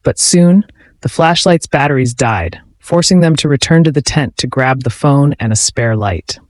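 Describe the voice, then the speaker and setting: A male narrator reads a horror story in a steady, measured delivery. His voice sits at a middle pitch. The sound is dry and close, with no room echo.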